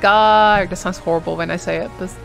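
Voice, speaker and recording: A young woman streaming a video game, reacting with loud, playful outrage and frequent yelling and laughter. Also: fairly low pitch, fairly even intonation, fairly quick, gravelly, faint music behind.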